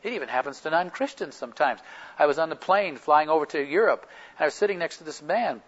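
Husky, animated male preacher. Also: on the high side, fast, dull audio. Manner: animated anecdotal storytelling with lively quoted dialogue. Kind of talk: sermon storytelling.

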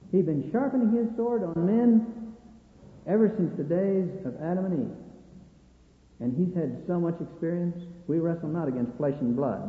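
Man preaching in an echoey hall. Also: on the high side. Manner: folksy, acts out dialogue between God and Satan. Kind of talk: sermon. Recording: echoey hall on a tinny lo-fi line.

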